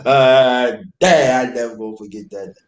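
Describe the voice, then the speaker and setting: A man's voice: mid-range voice, moderate pace. A man from New York telling a loose, profane story in casual chat and slipping into quoted voices. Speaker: host. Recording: roomy echo.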